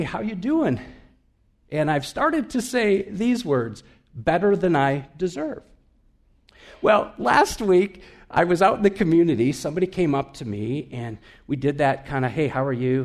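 High-voiced man preaching a sermon. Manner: storytelling, emphatic with swings from loud to hushed. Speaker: pastor.

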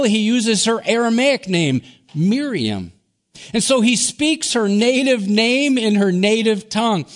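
A middle-aged pastor from Wisconsin preaching a sermon, earnest, often sinking to a hushed soft emphasis. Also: male voice, high voice. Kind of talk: Easter sermon.

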